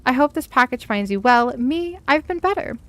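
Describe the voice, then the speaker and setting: A woman's voice: high-pitched, lively intonation, normal speed, a bit bright, pitched above the performer's own voice. A woman voicing a cheerful, hot-tempered young Nord woman in a letter from a fantasy game. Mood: spirited. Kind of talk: reading a game letter aloud.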